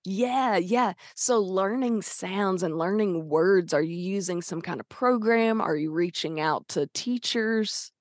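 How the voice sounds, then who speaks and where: A woman's voice: medium pitch, unhurried, hardly any pauses, dry recording, clean studio sound. A woman interviewing a guest in a chatty, casual way, with frequent fillers.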